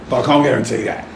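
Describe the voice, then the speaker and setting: A man's voice: mid-range voice, creaky. A middle-aged man sharing candidly and a bit emotionally at a recovery meeting, rambling and swearing freely. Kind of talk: personal share at a recovery meeting. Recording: echoey room with background noise.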